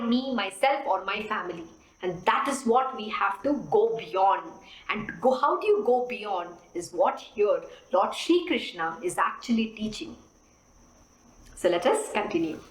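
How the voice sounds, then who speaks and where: High, expressive woman teacher. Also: measured pace. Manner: expressive, rhetorical questions. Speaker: spiritual teacher. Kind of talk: devotional discourse. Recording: roomy echo.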